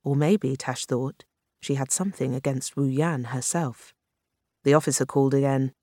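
An audiobook narrator reading a thriller in a measured, even way. The voice sits at a middle pitch. The recording is dry and close, with no room sound. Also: no room sound. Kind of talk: scripted narration.

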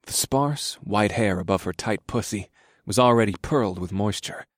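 Low-voiced male story narrator. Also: moderate pace, dry recording, studio quality. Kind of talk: scripted erotic story narration.

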